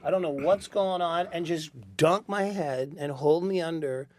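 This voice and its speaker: High-voiced, animated, swearing rock singer. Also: male voice, normal speed, dry recording. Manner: animated, profane, swings into loud shouting. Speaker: rock singer, studio guest. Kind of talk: casual talk-show storytelling. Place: radio studio. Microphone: studio microphone.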